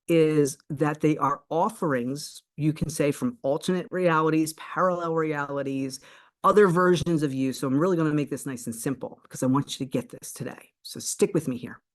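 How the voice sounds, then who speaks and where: A woman coach giving a spiritual self-help talk, earnest and explanatory, often checking in with a quick "right?" and restarting phrases. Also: sits low.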